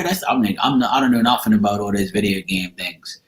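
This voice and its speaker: A man's voice: lowish voice, fairly quick. A man chatting casually to camera, rambling and blunt, with casual swearing. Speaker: tarot reader. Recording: echoey room.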